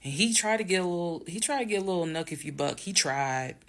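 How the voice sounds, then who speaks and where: A woman telling a story from her own life to viewers, emphatic and direct, dropping to hushed whispers and rising to loud bursts. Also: fairly low pitch, expressive, fast talker. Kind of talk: storytime monologue.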